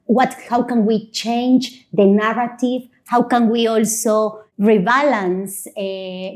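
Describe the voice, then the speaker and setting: A woman's voice: medium pitch, darkish tone. A woman leading an interview conversation, earnest and fluent, with a mid-range voice. She asks questions and offers her views with only the occasional filler. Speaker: executive director, interviewer.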